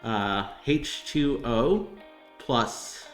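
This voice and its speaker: A man's voice: mid-range voice, drawn-out words, fairly bright tone. A man casually tutoring chemistry on a livestream, rambling and hesitant with many fillers and chatty asides. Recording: roomy echo, faint guitar music behind.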